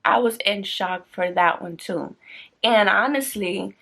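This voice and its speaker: A woman vlogger ranting casually to her viewers in a blunt, slangy, chatty way, her pitch jumping up whenever she gets excited. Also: unhurried, gravelly. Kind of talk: casual rant to camera.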